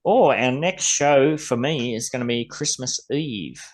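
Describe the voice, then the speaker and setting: A man with an Australian accent co-hosting a podcast, joking and swearing casually in relaxed chat. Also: mid-range voice, unhurried. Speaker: podcast co-host.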